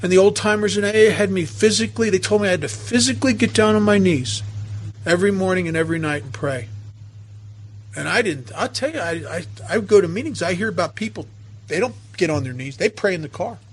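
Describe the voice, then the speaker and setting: A man's voice: high-pitched, fast talker, slight background noise. A man telling a personal recovery story to a meeting, emotional and self-mocking by turns. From United States. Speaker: recovery speaker.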